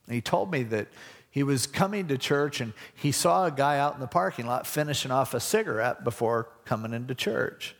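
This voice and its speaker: Gravelly-voiced male preacher in a hall. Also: mid-range voice, lively intonation, moderate pace. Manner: conversational, acts out voices in anecdotes. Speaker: pastor. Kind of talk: sermon.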